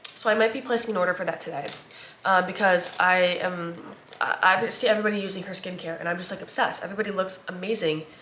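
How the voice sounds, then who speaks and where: A woman's voice: lowish voice, fairly even intonation, fast talker, bright, forceful tone, slight background noise. A stuffy-nosed young woman in her twenties rambles through a casual vlog. She leans on "like" and "um", sounding congested. Her voice rings a little in an echoey room. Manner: rambling, filler-heavy, chatty. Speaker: vlogger, new mother. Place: at home and in a car.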